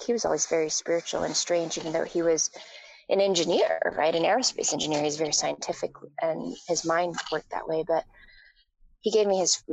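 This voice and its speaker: Low, gravelly woman telling a story. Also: darkish tone, a little hiss or hum, rough recording. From Taiwan. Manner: storytelling, many fillers and restarts. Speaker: guest. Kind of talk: casual interview talk.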